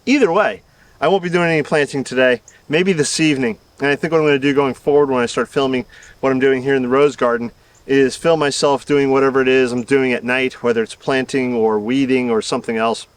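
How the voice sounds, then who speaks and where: A middle-aged man from the American South hosts a gardening channel, chatting through his video outdoors in his garden with a rambling, self-deprecating manner and chuckles. His medium-pitched voice is steady and a little fast. The dry recording comes from a camera mic set slightly away, so he sounds a bit distant.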